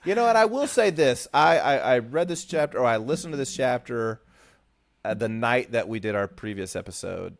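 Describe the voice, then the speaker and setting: A man of middle pitch whose voice rises and falls a lot as he argues his points, stumbling and restarting his sentences. The sound is dry and close to the mic. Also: animated, normal speed, gravelly, no room sound. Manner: opinionated, stumbles and restarts, mimics characters. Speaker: podcast co-host. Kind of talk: casual book discussion chat.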